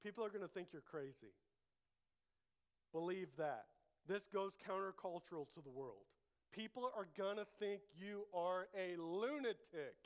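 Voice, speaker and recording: A man's voice: high-pitched, animated, a little slow. A man preaching a sermon as pastor, emphatic, repeating key phrases and leading the congregation to say them back. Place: church.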